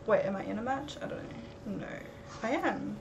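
A woman's voice: on the high side, lively intonation, moderate pace, highs cut off. A young woman streamer giving casual gameplay commentary, jittery and nervous, swearing and laughing as she plays. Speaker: gaming streamer. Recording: noisy background ambience.

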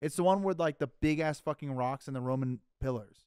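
Brief: man podcast co-host, blunt and teasing, clear voice, dry close mic. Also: a little high, a little fast, darkish tone, dry recording. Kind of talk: casual podcast chat.

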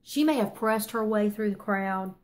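A woman's voice: medium pitch, normal speed. Earnest older woman teaching the Bible. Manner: earnest, emphatic, with frequent fillers and self-corrections.

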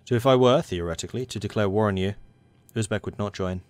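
A man's voice: lowish voice, quick pace, dry recording. A man commentating a strategy game, thinking aloud and talking to the game's factions as he plays. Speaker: gaming channel host.

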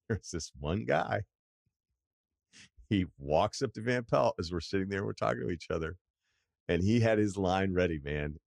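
A middle-aged podcast host tells a rambling, profane, self-deprecating story in casual chat. His voice is low-pitched, recorded with clean studio sound and no room noise.

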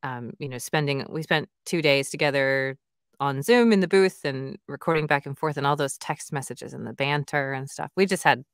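Low-voiced chatty woman narrator. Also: moderate pace, clear, resonant tone, no echo, clean studio sound. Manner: chatty and enthusiastic, many "like" and "you know" fillers. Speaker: audiobook narrator and author, guest. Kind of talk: casual interview chat.

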